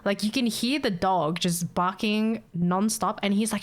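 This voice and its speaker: A woman's voice: medium pitch, measured pace. Blunt, foul-mouthed woman streamer. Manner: blunt, swears freely, ranting and laughing. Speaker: livestreamer. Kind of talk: casual stream chat.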